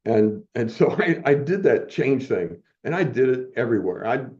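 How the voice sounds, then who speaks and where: At normal speed, an older man with a mid-range, sing-song, slightly mellow voice spins a rambling personal story as a podcast guest. The casual interview is dotted with his chuckles, restarts and self-corrections, heard through muffled, dull audio.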